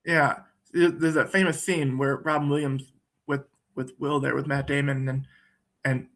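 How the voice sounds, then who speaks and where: A man's voice: medium pitch, vocal fry, fairly bright tone. A man talking in a thoughtful, conversational way, often repeating words while he searches for them. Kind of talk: reflective conversational talk.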